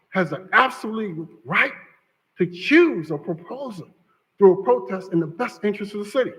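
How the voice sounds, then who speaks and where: A man speaking as an attorney during public comment at a city council meeting, arguing forcefully and repeating his points for emphasis. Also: high-pitched, slightly rough. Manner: forceful, emphatic argument with repetition. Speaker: attorney for a bidder. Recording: council chamber with long reverb.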